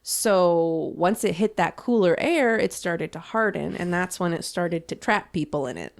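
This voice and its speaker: A woman's voice: lowish voice, a little slow, gravelly. A woman co-hosting a podcast, telling a history story in casual chat, peppered with swearing, fillers and laughs. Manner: swears freely and laughs often, many "like" fillers. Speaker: podcast co-host.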